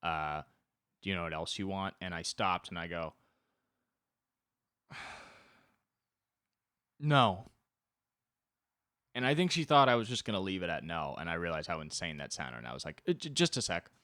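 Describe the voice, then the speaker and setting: A man's voice: deep voice, very animated, fairly quick, pauses often, sharp tone, clean tone, no room sound, clean studio sound. A man in his twenties hosting a solo podcast, rambling and self-deprecating, swearing freely as he tells comic stories. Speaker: podcast host. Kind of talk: solo comedic monologue.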